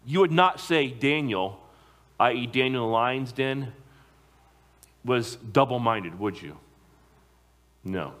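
A man preaching a sermon to a congregation, emphatic, slowing down to stress key phrases. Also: medium pitch, animated, fairly bright tone. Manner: emphatic, slows down on key phrases, occasional repeated words.

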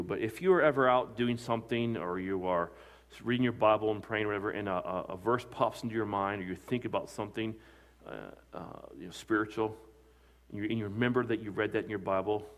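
A man with a fairly low voice preaches a sermon as a pastor. He swings between strong, emphatic lines and quieter, softer ones, often putting questions to his listeners and answering them himself. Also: fast talker. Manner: emphatic preaching with rising and falling loudness, asks the congregation questions.

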